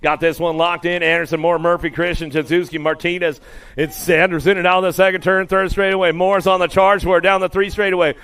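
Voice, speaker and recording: A man announcing live BMX races, rattling off rider names with bursts of excitement. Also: high voice, clean tone. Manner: rapid-fire calling of rider names, excitable. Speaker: race announcer. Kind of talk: live BMX race commentary.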